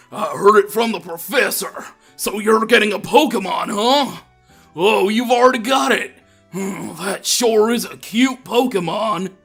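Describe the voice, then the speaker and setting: A man's voice: high-pitched, fairly bright tone, full character voice. A man voicing a friendly middle-aged dad with a folksy Southern US drawl, reading game dialogue aloud.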